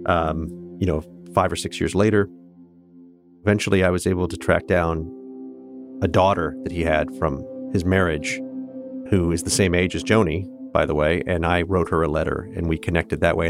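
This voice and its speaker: A middle-aged man from Kansas, a guest candidly recounting his own family story with restarts. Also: sits low. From Kansas, United States. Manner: earnest, candid, with restarts and laughs. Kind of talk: reflective personal storytelling.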